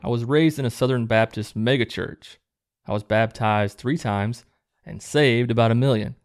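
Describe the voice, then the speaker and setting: A man hosting his own show, reading viewer letters aloud in a low-key, plain way and adding relaxed asides between them. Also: moderate pace, dry recording, clean studio sound. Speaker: host reading viewer stories.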